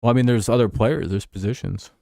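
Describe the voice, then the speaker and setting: A man's voice: fairly low pitch, fast talker, gravelly, mellow, no echo, studio quality. A man chatting casually on a livestream about sports, rambling, swearing and chuckling as he answers his chat. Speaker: streamer.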